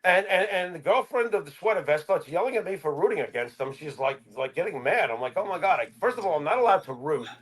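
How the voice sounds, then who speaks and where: A man co-hosting a podcast in casual chat, telling lively stories and acting out the people in them. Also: on the high side, fast, few pauses, slightly rough. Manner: animated storyteller, acts out quoted voices. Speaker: podcast co-host.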